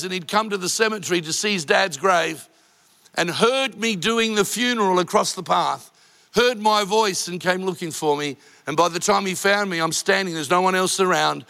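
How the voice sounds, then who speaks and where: A pastor with a high, gravelly voice and sharp tone preaches in a large church auditorium. He tells personal stories with emotion, his delivery rising to impassioned cries. The recording has the long reverb of a large church hall.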